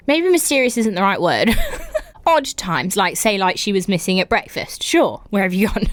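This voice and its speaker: A woman's voice: medium pitch, very animated, normal speed, no echo. A woman hosting a podcast, reading listener stories aloud and reacting with giggly laughter and incredulous exclamations. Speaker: podcast host.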